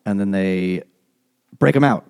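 A man's voice: low-pitched, measured pace, darkish tone, smooth. A man hosting a podcast, retelling a story in a crude, jokey casual chat. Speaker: podcast host.

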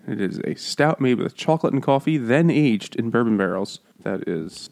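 In a creaky, darkish mid-range voice with lively intonation and normal speed, a male podcast co-host jokes crudely through a classic tale, playing each character as he goes, during a casual comedic book chat over beers.

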